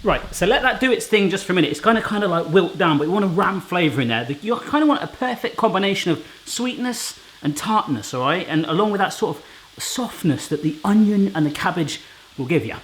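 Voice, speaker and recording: A man's voice: high voice, expressive, fairly quick, a bit bright. A man hosting a casual cooking demonstration in a home kitchen, chatty and jokey, with rambling asides. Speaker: cooking channel host.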